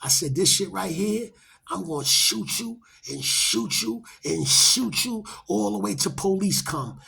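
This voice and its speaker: Gravelly New man telling a story. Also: high voice, measured pace. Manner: animated, acts out quotes, rising loud when excited. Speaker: storyteller on a talk show. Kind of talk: casual street storytelling.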